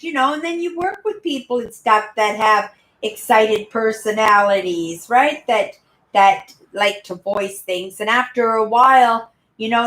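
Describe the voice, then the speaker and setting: Chatty woman, roomy echo. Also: on the high side. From Canada. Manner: rambling, chatty, keeps adding "right?"; self-described loud talker. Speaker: channel host. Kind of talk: casual live-stream chat.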